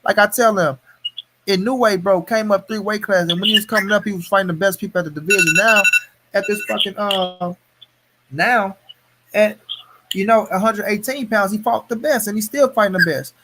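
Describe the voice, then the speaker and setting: A man with a high-pitched voice hosts a casual boxing live stream. He rants heatedly and swears constantly as he complains about fight start times. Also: moderate pace, background noise. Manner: profane, heated ranting. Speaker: host of a boxing talk stream.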